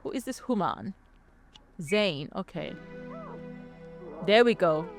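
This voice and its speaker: A woman's voice: on the low side, expressive, takes it slowly. A woman giving casual let's-play commentary, chatty and exclaiming, talking to the game characters while game music plays. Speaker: gameplay commentator.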